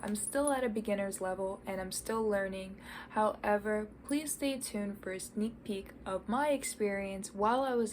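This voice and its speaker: Sharing language-learning tips, an American woman from the United States sounds earnest and encouraging in her casual vlog, speaking American English. Her medium-pitched voice is a little mellow; there's background music and a slight hiss or hum.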